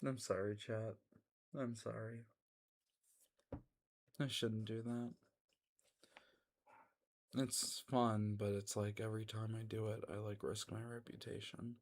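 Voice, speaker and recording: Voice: mid-range voice, little pitch movement, slow, long pauses. A livestreamer chatting casually with their audience, rambling and restarting sentences. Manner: rambling, stumbles and restarts, laughs often. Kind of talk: casual stream chat.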